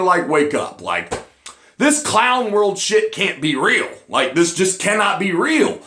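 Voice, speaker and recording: A man delivering a ranting online commentary, angry and profane, often breaking into shouts. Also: high voice, big pitch swings, moderate pace, reverberant.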